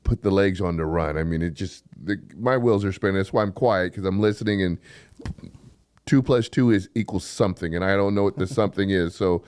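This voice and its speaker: A man's voice: low voice, brisk, darkish tone, clear, resonant tone, dry recording, studio quality. A man co-hosting a talk show, joking and asking curious, eager questions. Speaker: co-host. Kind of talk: casual talk show conversation.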